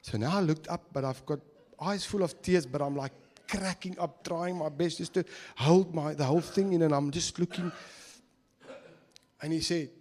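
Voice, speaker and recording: South african pastor guy, kinda high voice, tells stories laughing, drops afrikaans words. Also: lively intonation, normal speed. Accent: South African English. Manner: storytelling, laughing, switching into Afrikaans phrases. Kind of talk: sermon with personal stories. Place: church service.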